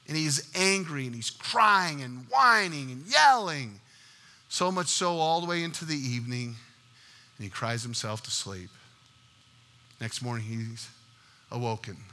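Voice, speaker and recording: Bright-voiced male pastor preaching in a hall. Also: mid-range voice, expressive, a little slow, a little hiss or hum. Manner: storytelling, acts out voices with big swings in loudness. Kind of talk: sermon.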